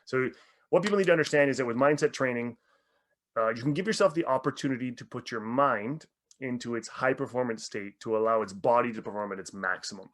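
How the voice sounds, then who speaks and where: Male mindset coach, podcast guest, animated storyteller who swears freely. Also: mid-range voice, quick pace. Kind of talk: podcast interview.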